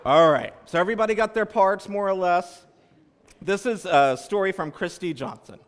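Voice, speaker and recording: A man's voice: high voice, moderate pace, clean tone. A man leading a church service who reads aloud reflectively, then playfully and encouragingly guides the congregation through a story with animal noises. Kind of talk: reading aloud and leading a participatory children's story. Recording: long reverb of large hall.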